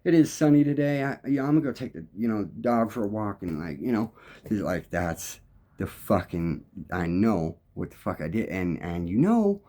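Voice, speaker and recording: A man's voice: lowish voice, lively intonation, normal speed, mellow. A man talking in a loose, rambling monologue, swearing constantly and restarting his sentences a lot. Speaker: musician.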